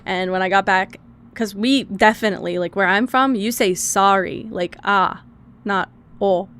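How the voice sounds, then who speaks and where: A woman's voice: mid-range voice, a bit bright. A woman streamer in casual chat, rambling and talkative, often swearing and laughing as she goes.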